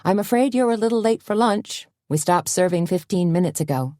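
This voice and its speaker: A woman's voice: on the low side, animated, a little fast, warm tone, dry recording, voice pushed up, close to an everyday voice. Woman voicing a firm, no-nonsense cafe owner. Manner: firm, dry and scolding. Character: no-nonsense female cafe owner, middle-aged. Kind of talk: audiobook character voice.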